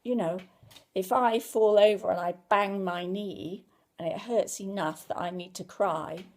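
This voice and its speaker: A woman calmly explaining to parents why babies cry, in a gentle, reassuring, conversational way. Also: medium pitch, unhurried. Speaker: parenting educator. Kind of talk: informal talk to camera.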